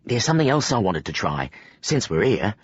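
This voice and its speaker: Man voicing a mischievous eager boy, husky, lively pitch, dull lo-fi sound. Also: normal speed, no echo.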